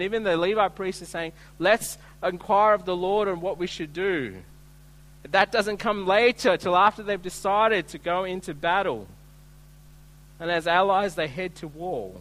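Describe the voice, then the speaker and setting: A man's voice: high voice, moderate pace, fairly bright tone, rough recording. A man preaching an earnest, emphatic sermon, acting out quoted voices as he retells a scripture passage.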